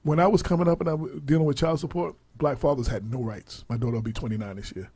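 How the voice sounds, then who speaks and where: A man in his forties, co-hosting a radio talk show, telling stories in a casual, animated way with laughs. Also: medium pitch, fast, husky, no room sound. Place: radio studio.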